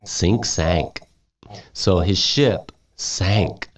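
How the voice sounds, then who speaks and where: Slow, low-voiced man teaching English. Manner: repeats words slowly for students to copy. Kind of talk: reading a story aloud and explaining vocabulary.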